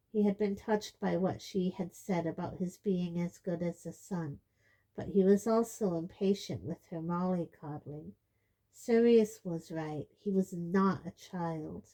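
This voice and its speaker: A woman reads a novel aloud in an unhurried, steady way. Her voice is a little low and mellow, and she takes her time over every line. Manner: slow, steady storytelling. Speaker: audiobook reader. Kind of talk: audiobook narration.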